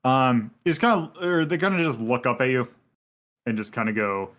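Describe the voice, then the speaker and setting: A man's voice: mid-range voice, expressive, normal speed, fairly bright tone. A man narrating as game master of a tabletop game in a loose, rambling way. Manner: loose, rambling, lots of "kinda".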